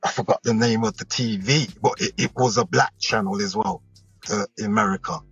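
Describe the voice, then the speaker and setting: Here the UK hip hop artist sounds husky, fairly quick and on the low side. He rambles through stories with animated energy during a casual interview, regularly checking in with whoever's listening, while faint music sits under a lo-fi recording.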